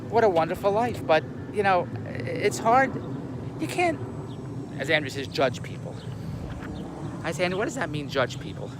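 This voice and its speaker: A man's voice: sits high, big pitch swings, moderate pace, long pauses, noisy background. An older man giving a blunt, rambling monologue to a camera on a tripod, repeating words and laughing at his own jokes. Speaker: YouTube commentator.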